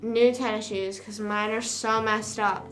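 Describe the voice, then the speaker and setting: A woman's voice: on the high side, steady tone, a little slow, a bit bright, soft background music. A woman live streaming in casual chat, rambling and venting with casual swearing.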